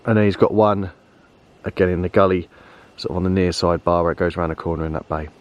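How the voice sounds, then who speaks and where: A man chatting casually to camera while fishing outdoors, relaxed and easygoing, calling his friend mate. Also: deep voice, fast talker. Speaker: vlogger and angler. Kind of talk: casual fishing vlog chat. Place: lakeside fishing swim outdoors.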